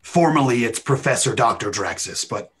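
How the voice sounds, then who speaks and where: A man's voice: mid-range voice, lively intonation, normal speed, a bit bright, slight background noise. A man playing his character in a tabletop game, matter-of-fact and dry. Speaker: player. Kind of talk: in-character play.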